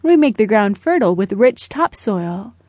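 A woman's voice: medium pitch, sing-song, normal speed, a little mellow, dry recording. A woman voicing a friendly, chatty little male worm in a children's storybook. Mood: explaining. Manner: cheerful, explaining.

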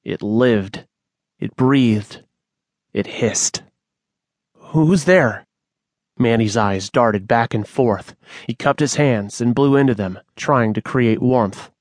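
A man reading an audiobook aloud, telling a suspenseful story in a measured way on a close studio mic. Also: mid-range voice, a little mellow, dry recording. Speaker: audiobook narrator. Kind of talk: scripted audiobook narration.

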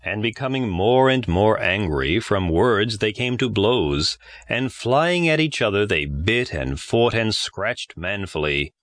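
Lively low-voiced male narrator for a classic children's audiobook; close and dry. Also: no room sound. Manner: expressive, measured reading. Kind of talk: scripted storybook narration.

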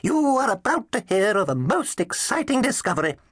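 Tiny twittery old dinosaur scientist, high-pitched and fluttery, storybook reading in a dry booth. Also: male voice, very animated, brisk, a bit bright, husky, no room sound, heavily acted. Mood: eager. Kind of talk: audiobook character voice. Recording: dry close studio sound.

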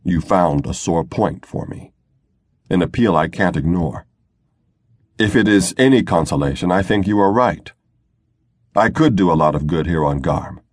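Male narrator as a resigned, worn-out governor; very low and husky. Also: animated, moderate pace, pauses often, no room sound, clean studio sound. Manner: tired, resigned. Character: weary, brooding male planetary governor. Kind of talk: audiobook narration.

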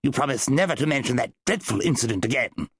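A man's voice: medium pitch, expressive, fast, breathy edge. A man voicing a fussy, pompous wizard who loses his temper with his pet and improvises grand incantations. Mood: snappish. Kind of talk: audiobook character voice.

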